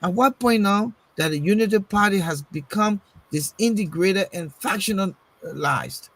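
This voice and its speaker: A man's voice: high-pitched, measured pace, a bit bright, rough recording. A man, arguing politics on a talk show, pressing rhetorical questions and repeating words as he searches for the next thought. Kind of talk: casual political discussion.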